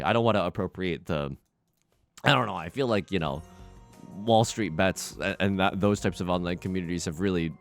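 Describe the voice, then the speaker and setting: A young man casually commenting on his own game play, jokey and animated, talking to his chat with sudden loud outbursts. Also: medium pitch. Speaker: let's play streamer.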